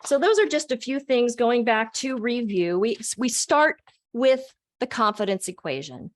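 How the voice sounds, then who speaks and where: An older woman, a speaker and college teacher, gives an animated motivational talk over a video call. She talks expressively, restarting her sentences often. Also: a little high, measured pace.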